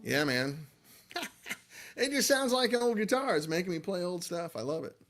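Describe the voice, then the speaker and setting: A man's voice: high voice, sing-song, moderate pace, loud music behind the voice. A middle-aged man hosting a casual livestream, talking in a loose, rambling, self-deprecating way. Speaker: livestream host, amp builder.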